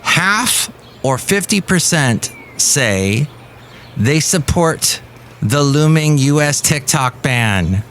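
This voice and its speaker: A man's voice: a little high, lively intonation, slow pace, fairly bright tone, slight background noise. A man hosting a comedy podcast, reading the news with goofy puns and playful asides. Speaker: podcast host.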